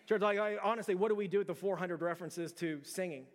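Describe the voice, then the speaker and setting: Preaching a sermon, a pastor in his thirties keeps things conversational, often restarting phrases and repeating words, then climbing to emphatic high points. For a man, his voice sits fairly high, and the church sanctuary adds a long reverb.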